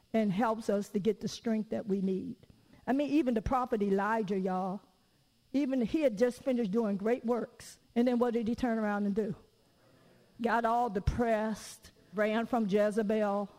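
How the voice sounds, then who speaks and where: A woman preacher giving a lively, conversational sermon in church. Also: fairly high pitch, big-room sound, poor audio. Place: church during a service.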